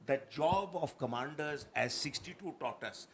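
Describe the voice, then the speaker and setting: A man's voice: fairly high pitch, expressive, normal speed, a bit bright, slight background noise. A man moderating a festival panel discussion, blunt and courteous with his guests. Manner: blunt, addresses guests as sir. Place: stage at a literature festival.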